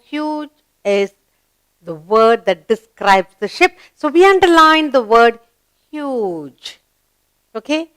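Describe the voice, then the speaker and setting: A woman's voice: on the high side, no room sound. A woman teaching a grammar lesson for young children, coaxing them along by asking questions and answering them herself. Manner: slow, coaxing, asks and answers her own questions.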